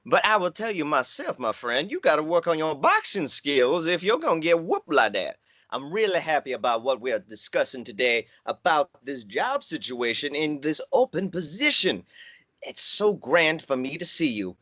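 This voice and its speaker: A man's voice: on the high side, moderate pace, dry recording, full character voice. A man doing a rambling Southern job candidate. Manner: rambling, odd formal wording, animated. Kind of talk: improvised comedy sketch. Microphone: video call.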